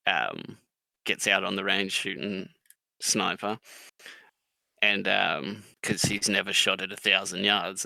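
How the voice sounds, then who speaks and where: A man casually telling stories with lots of swearing, now and then acting out quotes in a loud, high voice. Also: gravelly, no room sound. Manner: swears a lot, acts out quotes in a loud high drill-sergeant voice. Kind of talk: casual chat.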